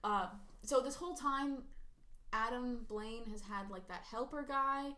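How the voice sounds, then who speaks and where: A woman's voice: fairly high pitch, measured pace. A young woman podcast host casually recapping an old film and acting out the characters' lines. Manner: animated storytelling with acted-out quotes.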